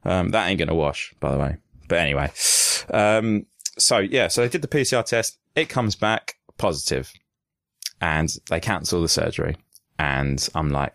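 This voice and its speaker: A deep-voiced man rambles through a crude anecdote on a podcast call, jokey and loose. His voice is dry and close to the mic, with no room sound. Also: animated, a little fast, gravelly, dry recording. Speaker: podcast co-host. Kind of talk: casual storytelling chat.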